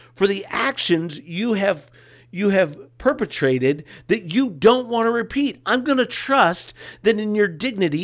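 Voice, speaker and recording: A man preaching a sermon as a pastor, with a repetitive, emphatic cadence and casual asides. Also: high voice.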